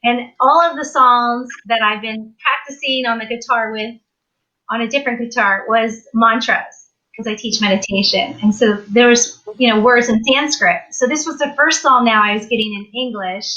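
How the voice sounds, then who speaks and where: Woman guest, animated storyteller, bright edge to the voice, muffled lo-fi sound. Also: fairly high pitch, normal speed. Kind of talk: storytelling on a live talk show.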